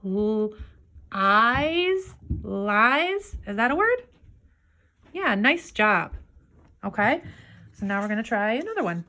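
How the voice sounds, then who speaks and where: A woman teacher giving a remote phonics lesson to young children, patiently sounding out words slowly and praising answers. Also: on the high side, sing-song, pushed and bright. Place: home, downstairs room.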